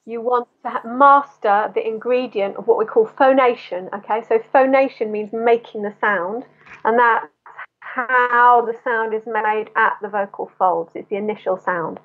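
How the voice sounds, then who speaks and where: A woman's voice: on the high side, fairly even intonation, normal speed. Woman vocal coach on a tinny line. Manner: teaching, with sung vocal demonstrations. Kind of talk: explanatory interview answers.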